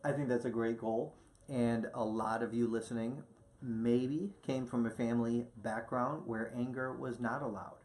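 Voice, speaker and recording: A man's voice: mid-range voice, steady tone, normal speed, a little mellow. Brief: man, mid-range voice, affirming co-host who drives points home and speaks directly to the audience. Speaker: co-host, parenting doctor. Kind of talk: casual educational chat.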